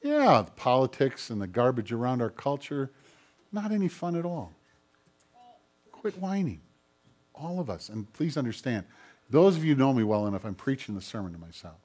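A man preaching a sermon as a pastor, with an expressive delivery that swings from loud emphasis down to quiet, low prayer. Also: normal speed. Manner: acts out quoted voices in the middle of teaching.

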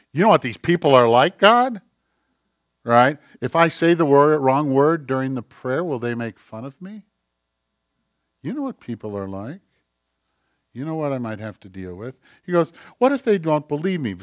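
A man preaching a sermon, acting out voices and swinging between loud emphatic lines and hushed asides. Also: medium pitch, no room sound, clean studio sound. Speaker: pastor.

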